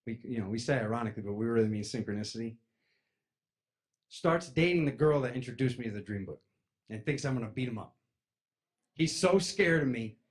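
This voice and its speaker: A young man telling a personal story to an audience, acting out the voices of his friends and jumping from loud, high outbursts down to low mutters. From East Coast of the United States. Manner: lively, acts out friends' voices, jumps loud and high then drops to a mutter.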